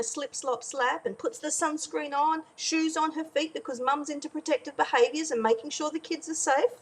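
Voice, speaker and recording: A woman, a parenting educator, tells a teaching story in an animated way and acts out the characters as she goes. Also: high voice, rough recording. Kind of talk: storytelling lesson.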